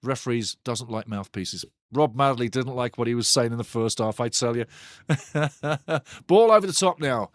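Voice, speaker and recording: Excitable, sweary football watch-along host. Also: male voice, mid-range voice, moderate pace, no room sound, studio quality. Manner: excitable, swears freely, banters with chat. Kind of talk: live passionate football commentary.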